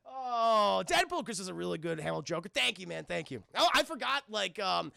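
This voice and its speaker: A man giving a casual, profane, excitable scene-by-scene cartoon recap to a live chat, often laughing and acting out parts. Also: high voice, a little fast, vocal fry, few pauses, no echo. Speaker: streamer reviewing a cartoon.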